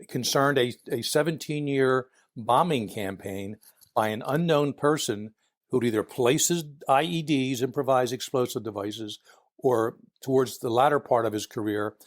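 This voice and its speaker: With a medium-pitched voice and a Philadelphia accent, a retired FBI agent in his sixties guests on a casual interview. He's chatty, chuckles as he talks, and mimics other people's lines in his stories. The clean studio recording has no room sound.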